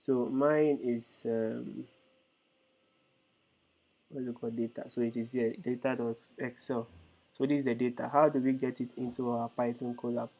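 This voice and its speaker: A man in a live online lesson explains code step by step in a level, mid-range voice at a moderate pace, sounding hesitant and using many fillers. His audio is thin and tinny, resembling a phone call.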